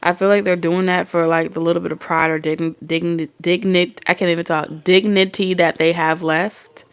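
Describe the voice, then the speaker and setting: A woman's voice: on the low side, flat delivery, moderate pace, clean tone. Blunt tarot-reading woman, casual and salty. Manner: blunt, swearing, acts out imagined dialogue. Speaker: tarot reader.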